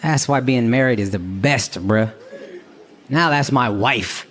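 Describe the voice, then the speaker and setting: A man's voice: mid-range voice, measured pace, fairly bright tone, a little hiss or hum. An American man in his thirties from Texas doing brash, profane stand-up comedy with crowd work, recorded live on stage.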